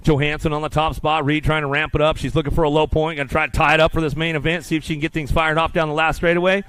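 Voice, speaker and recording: A man calling live BMX races in rapid, rhythmic announcer patter at an outdoor track. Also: fairly high pitch, little pitch movement, a bit bright, smooth, no room sound. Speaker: race announcer. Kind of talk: live BMX race commentary.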